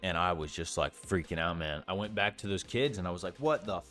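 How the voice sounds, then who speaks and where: A man's voice: deep voice, fairly quick, bright, forceful tone, faint music behind. A young man telling a story in a casual vlog, rambling with lots of fillers and swearing freely. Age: young adult. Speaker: storytime vlogger.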